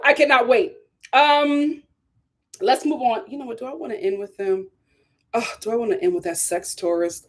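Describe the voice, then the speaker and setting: A woman hosting a live stream, giving sassy, animated commentary on a reality show and talking straight to her viewers. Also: fairly high pitch. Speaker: live show host reviewing a reality series.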